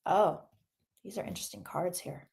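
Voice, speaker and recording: A woman reading tarot cards on a casual livestream, chatty and excitable, greeting viewers by name and swearing mildly. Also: on the low side, moderate pace, vocal fry, a little hiss or hum.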